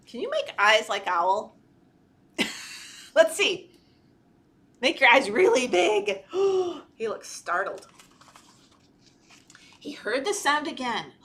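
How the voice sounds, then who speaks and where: A woman children's librarian reading a picture book aloud to toddlers, animated and playful, gasping and talking to the children. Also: fairly high pitch, slow pace. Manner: animated, talks to children, gasps and laughs. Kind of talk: storytime read-aloud. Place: library storytime video.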